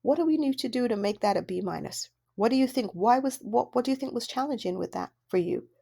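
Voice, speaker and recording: A woman's voice: a little high, expressive, quick pace, vocal fry, mellow, husky. A woman coaching parents in an audio workbook, talking conversationally and asking many rhetorical questions. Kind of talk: instructional audio workbook talk.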